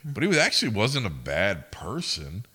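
Deep bright-toned young guy, cussing a lot while he tells a story on a podcast. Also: wildly swooping pitch, moderate pace, slightly rough. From United States. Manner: profane, rambling storyteller. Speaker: podcast co-host. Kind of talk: casual chat.

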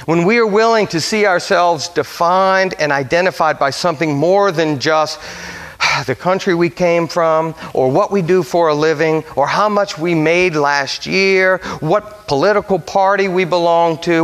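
Male preacher with a somewhat high voice, telling a story from the pulpit in a sermon, easing into quiet solemn phrases; long hall reverb. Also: normal speed. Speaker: pastor.

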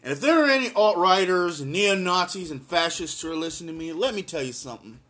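Guy ranting about politics solo, blunt and fired up, kinda high voice, reads bits of an article. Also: expressive, quick pace, bright, forceful tone. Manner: emphatic, blunt, repeats lines for force. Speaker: political commentator. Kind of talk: impassioned solo commentary, reading an article aloud.

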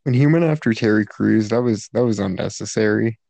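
Gravelly, dry-voiced podcast host. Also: male voice, on the low side, a little fast, mellow, no room sound. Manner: dry, teasing, opinionated. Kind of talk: casual podcast chat.

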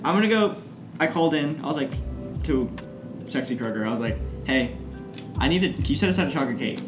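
A man's voice: medium pitch, expressive, fast talker, roomy sound, over music. A young man co-hosting a casual podcast with friends, telling a long rambling story and quoting people as he goes. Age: young adult. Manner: rambling storyteller, quotes people in his stories. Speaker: podcast co-host. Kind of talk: casual chat. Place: apartment living room.

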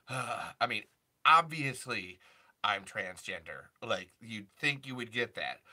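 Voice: mid-range voice, animated, slow, pushed and bright. A young adult streamer chatting casually and rambling through restarts, answering chat and jumping into impressions. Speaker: livestream host.

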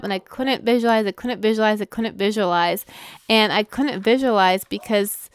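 Heartfelt woman sharing, smooth and close. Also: medium pitch, a little fast, dry recording. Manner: heartfelt, rambling, with self-corrections and soft laughs. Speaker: vlogger. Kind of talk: emotional personal sharing.

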